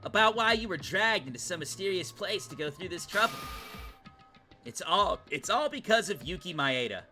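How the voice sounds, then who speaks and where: A man's voice: high voice, lively intonation, moderate pace, music in the background. A man reading a blunt scheming schoolboy. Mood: matter-of-fact.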